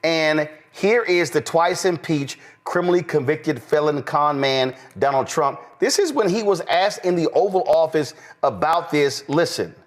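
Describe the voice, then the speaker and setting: A man's voice: fairly high pitch, lively intonation, a little slow, hardly any pauses. A middle-aged man hosting a political talk show, indignant and emphatic, rising into exclamations. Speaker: show host. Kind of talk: political commentary.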